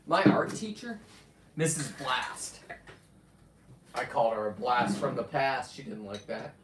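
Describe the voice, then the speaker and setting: A man in his fifties talking casually on a live stream, rambling with loud outbursts and frequent swearing. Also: medium pitch, a little slow, a little hiss or hum. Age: 50s. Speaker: livestreamer reading viewer comments. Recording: echoey, distant from the mic.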